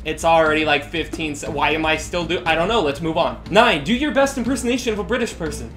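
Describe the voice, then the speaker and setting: A man answering viewer questions in a casual vlog, excitable and rambling, often self-deprecating. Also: a little high, fast talker, faint music behind. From Utah, USA.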